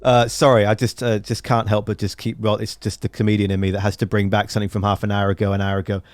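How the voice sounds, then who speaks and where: A man's voice: lowish voice, little pitch movement, fast talker, no echo, clean studio sound. English man hosting a rambling interview. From England. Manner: rambling, playful questions with jokey asides. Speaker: podcast host. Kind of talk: conversational interview.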